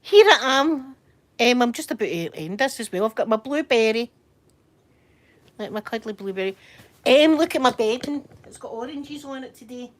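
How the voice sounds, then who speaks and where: Chatty Scottish woman, lively voice. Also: on the high side, normal speed. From Scotland. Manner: chatty rambling storyteller, reads out viewer comments. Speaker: livestream host. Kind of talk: casual chat livestream. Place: in bed at home.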